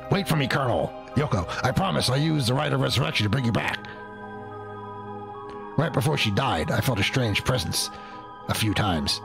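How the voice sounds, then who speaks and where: A man voicing a gruff, determined young man in a game, with a low, gravelly, brooding put-on growl and game music behind. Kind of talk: voicing game dialogue in a let's play.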